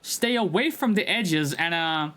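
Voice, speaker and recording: A man's voice: a little high, lively intonation, unhurried, pushed and bright, soft background music. A man doing a cocky goblin runner. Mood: bossy. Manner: cocky, bossy, mocking. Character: brash hurried male goblin runner.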